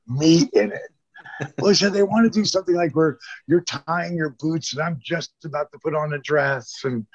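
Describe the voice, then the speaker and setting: A gravelly, husky older man tells stories in a loose interview, jumping into the voices of the people he quotes and cursing freely. The sound is dry and dull, with a lo-fi edge from a remote recording. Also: mid-range voice, dry recording. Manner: animated storyteller, acts out quoted voices, swears casually. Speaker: interview guest, former pro wrestler. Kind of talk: casual storytelling interview.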